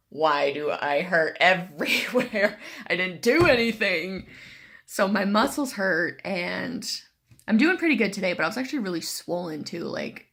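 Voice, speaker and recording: A woman's voice: fairly low pitch, vocal fry, fairly bright tone. A young woman tells a story to the camera in a casual vlog, chatty and sarcastic, filling her talk with "like". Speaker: cancer patient vlogger.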